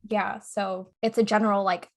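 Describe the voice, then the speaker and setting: A woman's voice: mid-range voice, flat delivery, normal speed, gravelly. A young adult woman co-hosting a podcast in casual chat, laughing often and tagging her points with "right?" and "okay?". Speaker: podcast co-host.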